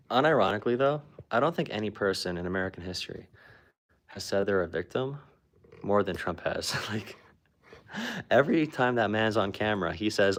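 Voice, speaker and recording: A man's voice: fairly low pitch, animated, fairly quick. A man talking politics in a casual, blunt, sarcastic way, with lots of "like" fillers. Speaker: political commentator. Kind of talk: casual chat.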